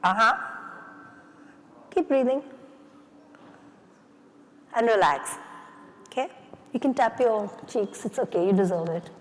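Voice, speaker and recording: At a conference, a woman leads the audience through face yoga exercises live, giving instructions in a coaxing, playful way. Her voice is mid-range at a normal speed, and the conference hall is reverberant.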